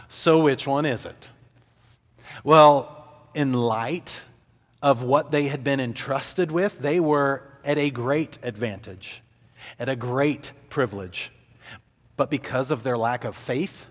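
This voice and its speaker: A man preaching a sermon, stressing key words by repeating them and slowing down on them. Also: a little high, in a large hall.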